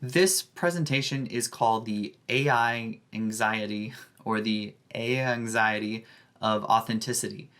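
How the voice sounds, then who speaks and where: A man, a high school English teacher, giving a scripted academic presentation with a careful, measured delivery. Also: a bit bright.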